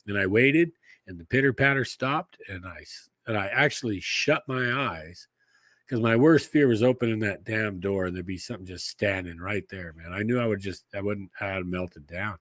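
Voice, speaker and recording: A man's voice: fairly low pitch, fairly bright tone, no room sound. A man telling a long story in a folksy, rambling way, swearing casually as a podcast guest.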